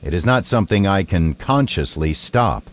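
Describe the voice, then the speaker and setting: A man's voice: deep voice, lively intonation, normal speed, slight background noise. An actor playing a male robot with a new human-sounding voice, talking earnestly and in carefully worded sentences.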